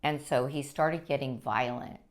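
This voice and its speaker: A woman sharing her personal story as a guest, speaking earnestly and haltingly, with frequent restarts. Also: a bass voice, fairly even intonation. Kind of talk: personal testimony.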